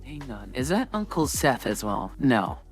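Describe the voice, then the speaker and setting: Young male streamer, animated and chatty, full of ums and laughs, faint music under him. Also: medium pitch, measured pace. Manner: animated, laughs often, rambling with fillers. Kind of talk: casual gaming stream chat.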